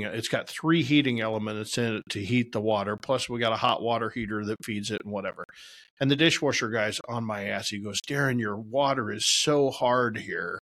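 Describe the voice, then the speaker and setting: A man with a lowish, fairly bright voice casually tells rambling, profane stories about his work. As a regular on a talk show, he pokes fun at himself throughout this podcast storytelling.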